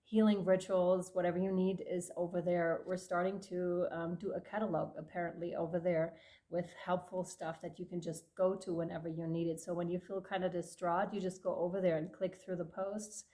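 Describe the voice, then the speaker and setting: A woman giving a tarot reading to her viewers, effusive and emotional, laughing often and addressing listeners warmly. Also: fairly low pitch, little pitch movement, a little fast. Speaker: tarot reader.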